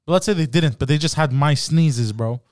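A man's voice: on the high side, brisk, darkish tone, dry recording, clean studio sound. A man hosting a comedy podcast, bantering loosely, swearing, laughing and stumbling over his words. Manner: rowdy, swearing, laughs a lot, stumbles and restarts. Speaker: podcast host.

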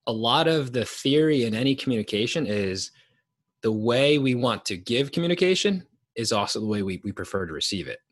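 A man co-hosting a podcast, talking things over in a thoughtful, unhurried way with fillers. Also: medium pitch, expressive, dry recording. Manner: thoughtful, drawn-out phrasing with fillers. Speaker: podcast co-host. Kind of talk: reflective conversational podcast talk.

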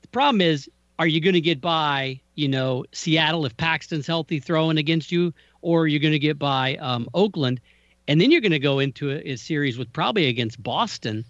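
A man co-hosting a casual sports podcast, teasing his partner, animated, often repeating words. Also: on the high side, fairly quick, no room sound. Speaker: podcast co-host. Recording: dry, dull lo-fi sound.

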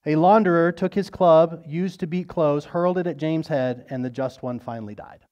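A male pastor preaching a sermon in a conversational storytelling manner, swelling louder on dramatic moments and dropping soft at the ends of phrases. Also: a little fast, few pauses. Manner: storytelling, rising in intensity on quoted lines, dropping low and soft at phrase ends; conversational, with restarts and asides.

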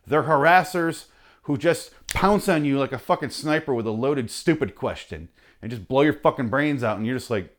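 A man's voice: fairly high pitch, lively intonation, moderate pace. A man hosting a podcast, delivering an angry, sarcastic, profanity-filled comic rant and now and then mocking people in put-on voices. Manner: angry, sarcastic, heavy swearing. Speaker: podcast host reading his rants.

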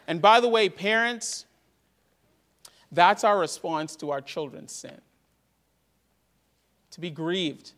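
Earnest preacher with a high-pitched voice. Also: male voice. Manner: earnest, swings from loud emphasis to hushed. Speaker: pastor. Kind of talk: sermon. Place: church.

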